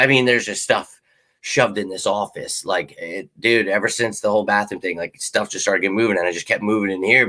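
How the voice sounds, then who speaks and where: A man in his thirties hosts a live fan Q&A from his home office, chatting in a loose, rambling way. His voice is bright and edgy. He swears offhandedly and keeps calling viewers "man" and "dude.". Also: lowish voice. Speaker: sports show host. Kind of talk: casual live Q&A chat.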